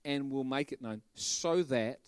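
Brief: male preacher, animated sermon delivery, dry close sound. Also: mid-range voice, unhurried, clear, resonant tone, no echo. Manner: animated, bursts into loud shouting and laughter.

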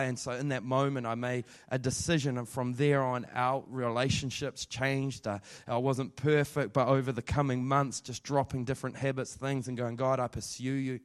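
A man's voice: medium pitch, steady tone, normal speed, clean tone. A man, a pastor giving a candid, rambling testimony sermon that builds into fervent prayer.

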